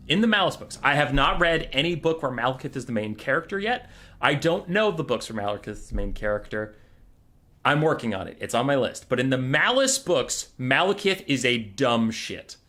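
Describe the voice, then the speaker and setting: A man hosts a casual livestream with a bright, forceful voice and a mid-range pitch. He rambles, swears freely and launches into animated retellings. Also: moderate pace. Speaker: streamer and tournament host.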